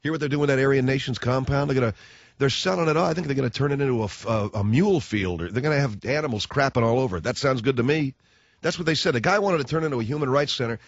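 With a mid-range voice at a racing pace, a man hosts a talk radio show, delivering a brash, blunt, sarcastic monologue into a studio microphone. There's no echo, and the sound is a dull, lo-fi radio broadcast.

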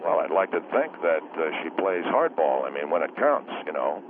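A man's voice: extremely low pitch, very animated, normal speed, voice pushed down. A man voicing an older male caller who rambles and hesitates with many "uh"s. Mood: rambling. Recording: tinny phone line with loud background noise.

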